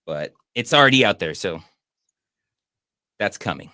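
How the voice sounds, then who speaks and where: A man's voice: fairly low pitch, lively intonation, measured pace, sharp tone, no echo, studio quality. A man hosting a casual movie review show, making sarcastic, mocking comments about a film. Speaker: podcast host and movie reviewer.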